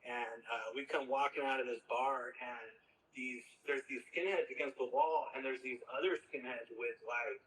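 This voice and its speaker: Rambling man telling stories, bright and echoey. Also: medium pitch, fairly even intonation, normal speed, a little hiss or hum. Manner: rambling, full of fillers and "bro" and "man". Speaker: interview guest, former band drummer. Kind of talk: casual storytelling in an interview.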